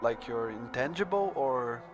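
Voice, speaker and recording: A man running a tabletop game as game master, narrating in a halting way with many fillers, with music playing behind. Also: mid-range voice, animated. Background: background music.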